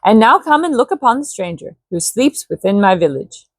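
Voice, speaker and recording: A careful, formal village chief speaks in a raised, deferential tone with a put-on Indian accent, as a woman reading a storybook puts him on. The voice sits higher than her usual reading and the room sounds dry. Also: sing-song, normal speed, no echo. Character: native village chief, adult man, cautious and eager.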